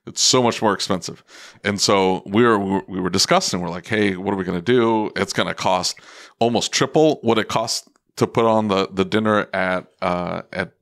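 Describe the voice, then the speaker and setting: A man co-hosting a podcast, telling an excitable story in casual chat and acting out quotes. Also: low-pitched, moderate pace, gravelly. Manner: excitable storyteller, animated quoting. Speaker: podcast co-host.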